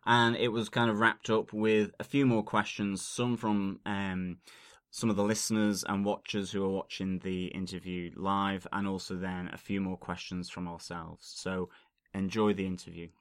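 A man's voice: fairly low pitch, little pitch movement, moderate pace, smooth, no room sound, clean studio sound. A man co-hosting a podcast, talking casually with lots of ums and easy laughs. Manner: chatty, full of ums, laughs easily. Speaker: podcast co-host. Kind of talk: casual podcast intro chat.

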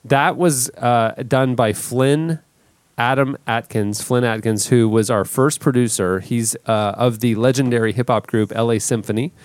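A man's voice: mid-range voice, steady tone, no room sound. Rambling man hosting a podcast. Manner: rambling, halting, full of restarts. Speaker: podcast host. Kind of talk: casual chat.

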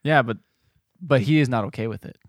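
A man co-hosting a podcast in casual movie review chat, laid-back and joking, quick to agree. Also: medium pitch, no echo, clean studio sound. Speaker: podcast co-host.

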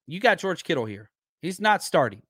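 A man hosting a podcast in loose, rambling talk, his voice hoarse and worn down. He sits close to the mic in a dry, dead room, his voice a bit higher than most men's. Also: big pitch swings, moderate pace, a bit bright, dry recording. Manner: rambling, chatty, searches aloud for names. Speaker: podcast host. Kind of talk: casual live-stream chat.

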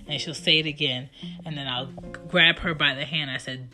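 A woman in her thirties casually telling stories about her children in an animated, chatty way. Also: deep voice, fairly quick. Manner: animated, chatty, acts out her kids' lines. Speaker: mother telling family stories. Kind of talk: casual storytelling. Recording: guitar music playing behind the voice.

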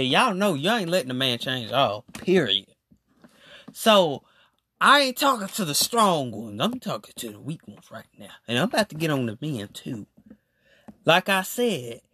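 A solo podcast host ranting emphatically in loose slang, drawing words out slowly. The pitch swings widely as phrases get repeated for emphasis. The sound is close and dry, with no room around it. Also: a bit bright, no echo.

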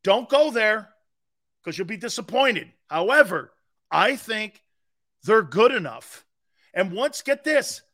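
High, lively sports talk man. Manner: excitable, emphatic, swings between shouting and low asides. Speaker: sports talk show host. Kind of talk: animated sports talk monologue.

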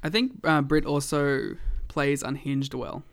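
A man's voice: medium pitch, steady tone, a little slow. A man co-hosting a casual wrestling podcast, rambling with lots of fillers and frequent laughs. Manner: rambling, says "like" a lot, laughs often. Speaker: podcast co-host.

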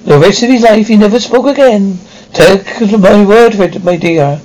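A man's voice: sits high, normal speed, a little mellow, voice pushed up, close to an everyday voice, poor audio. A man doing a superstitious old Scottish innkeeper. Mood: ominous. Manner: grave storytelling with dialect.

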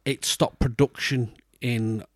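A man's voice: mid-range voice, steady tone, slow pace, no room sound. A middle-aged man, telling a long, rambling story in casual podcast chat, full of restarts and fillers. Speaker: podcast co-host.

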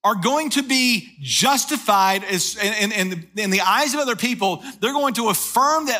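A man's voice: extremely high pitch, animated, moderate pace, few pauses, pushed and bright. A middle-aged male pastor preaching a sermon, telling a story and then pressing his point with emphatic repetition.

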